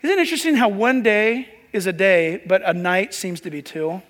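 A male pastor preaching a sermon with a very high voice. He is chatty and slips joking asides to the congregation. Long reverb rings through the hall. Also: moderate pace, hardly any pauses, a bit bright.

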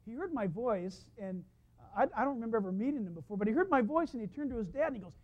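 A man preaching a sermon as the church's pastor, telling stories in a lively way and laughing at his own anecdotes, recorded in a church. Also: extremely high pitch, quick pace. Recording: dull lo-fi sound.

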